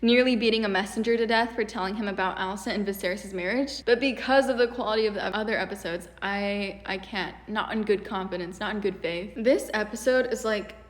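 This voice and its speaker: A young woman YouTuber giving a casual critique in an animated, exasperated way, with many fillers. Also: mid-range voice, fairly quick, few pauses. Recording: echoey room with long reverb.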